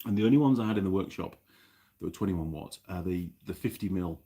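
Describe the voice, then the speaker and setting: A man's voice: low voice, fast, dark tone, slightly rough. A middle-aged man with a New Zealand accent, chatting casually on a live stream from his workshop and reading viewer comments aloud as he rambles. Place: home workshop.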